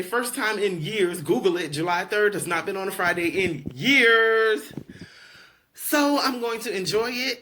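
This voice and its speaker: A talkative woman filming a relaxed home vlog, chatting straight to her viewers as she moves through her townhouse. Her voice sits at an everyday middle pitch, with a faint hiss beneath it. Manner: talkative, addresses viewers directly. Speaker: vlogger.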